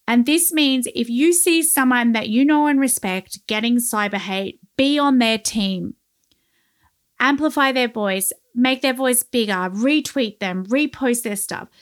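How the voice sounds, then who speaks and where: Woman from Australia, guest journalist; earnest, emphatic delivery, slightly high pitch. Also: measured pace. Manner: earnest, emphatic advice-giving. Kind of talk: remote interview.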